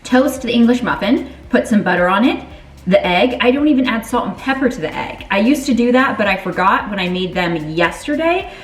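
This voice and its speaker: A young woman vlogging in a casual, chatty way, excitable and full of fillers and restarts as she talks to her camera. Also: a little high, a little fast, breathy edge, poor audio. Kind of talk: casual vlog chat. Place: car, then store and home. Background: music.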